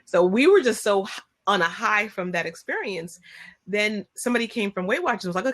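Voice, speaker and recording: A woman telling a long personal story in casual chat on a video call, acting out what people said. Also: a little fast. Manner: animated, acts out quotes with rising pitch. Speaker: guest.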